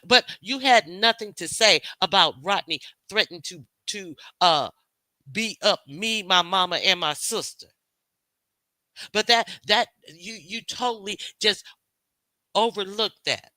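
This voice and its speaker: A bright, sharp-toned woman delivers a confrontational, expletive-laden rant to her livestream audience. She circles back over the same points and hurls questions at her detractors, all in a close, dry-sounding recording. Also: medium pitch, expressive, unhurried, no room sound. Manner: confrontational, profane, repetitive. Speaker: livestream host. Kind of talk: heated unscripted rant to viewers.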